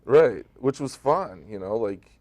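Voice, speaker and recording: A man, a stage actor, talking about his role in a relaxed, thoughtful, conversational way during a studio TV interview. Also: mid-range voice, measured pace, no echo. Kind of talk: local TV interview.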